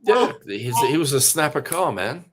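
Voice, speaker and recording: A man co-hosting a casual podcast chat, speaking hesitantly, with many halting restarts. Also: on the high side, sing-song, husky. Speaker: podcast co-host.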